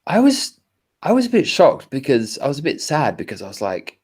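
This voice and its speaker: A man's voice: medium pitch, wildly swooping pitch, a little fast, a little mellow, breathy edge. An Australian man, co-host of a car podcast, telling a long rambling story in casual chat over a video call. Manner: rambling storyteller, quotes others in asides.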